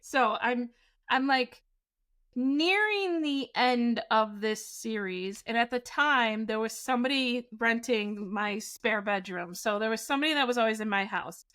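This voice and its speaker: A woman in her forties, a podcast co-host, telling a scary personal story in a casual, animated way, often laughing. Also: fairly high pitch, unhurried.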